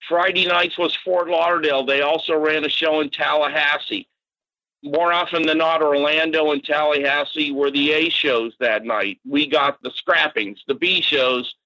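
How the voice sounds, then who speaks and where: Older man, chatty animated storyteller, slightly raised pitch, bright. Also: moderate pace, dull audio. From Massachusetts, grew up in Florida. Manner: animated, mild swearing, frequent fillers. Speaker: podcast guest. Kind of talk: casual storytelling.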